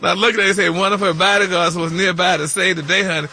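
High, bright man dishing celebrity gossip with sass, radio show, faint music under. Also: little pitch movement, quick pace. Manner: sassy, sprinkles "honey" and "y'all". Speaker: celebrity news host.

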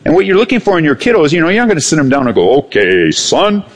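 A man preaching a sermon as pastor, animated, swinging between raised and hushed delivery. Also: on the high side, racing.

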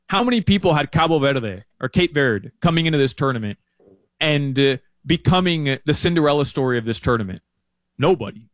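A man talking through soccer picks in a rambling, animated way, full of fillers and restarts, as a guest on a sports chat show. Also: medium pitch, no echo. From Uruguay fan living in Miami.

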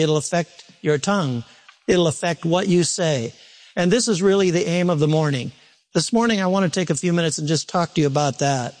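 A man preaching a sermon to a congregation in an animated, conversational way, repeating points and turning to asides. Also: high voice. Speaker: pastor.

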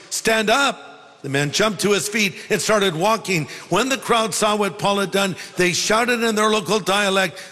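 A man's voice: high-pitched, pushed and bright, big-room sound. A male pastor preaching a sermon in a conversational storytelling way, with humorous asides.

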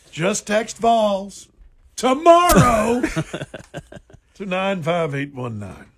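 A man's voice: high voice, big pitch swings, very slow, pauses often, no echo. A man hosting a sports talk radio show, reading promos playfully and laughing with his co-host. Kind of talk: casual radio banter. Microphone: studio microphone.

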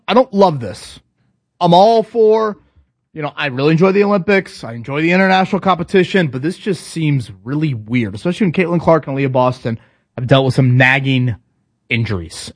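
A man hosting a morning sports talk show in casual chat, emphatic and animated, restarting his sentences often. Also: medium pitch, dry recording, studio quality.

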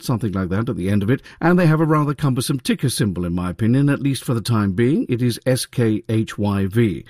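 A man's voice: mid-range voice, a little mellow, no echo, studio quality. A man delivering a radio business report in a chatty, wry way, with light asides.

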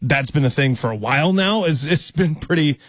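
A man's voice: a little high, lively intonation, normal speed, no echo, clean studio sound. A man co-hosting an afternoon sports radio show, chatting loosely and poking fun at his own mistakes. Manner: loose, self-deprecating, laughs easily. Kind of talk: casual sports radio banter.

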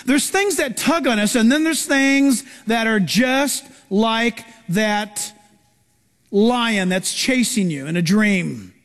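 A man's voice: extremely high pitch, lively intonation, slow pace, fairly bright tone. A man preaching as a pastor, telling stories animatedly and acting out the voices of people in them. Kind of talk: sermon. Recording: live sermon in a reverberant hall.

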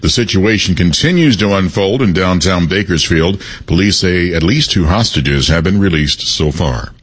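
Deep, husky male newsreader. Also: normal speed. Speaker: news anchor. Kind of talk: scripted newsreading.

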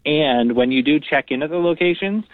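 There's a fairly high, animated quality to this man's voice as he talks at normal speed on a phone line as a radio interview guest. Representing a regional tourism program, he explains things brightly, peppering them with fillers, in a dry recording.

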